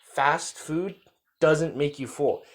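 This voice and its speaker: A man reacting to a video in loose, rambling commentary, circling back to the same points with lots of fillers. His voice sits a little high for a man. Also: slow. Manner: rambling, repeats himself, hedges with fillers.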